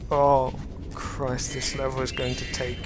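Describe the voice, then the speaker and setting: A man's voice: medium pitch, little pitch movement. A man casually commenting on a game he is playing, hesitant and full of ums. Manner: hesitant, many ums, drawn-out pauses. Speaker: let's play host. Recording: loud game music under voice. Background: game music.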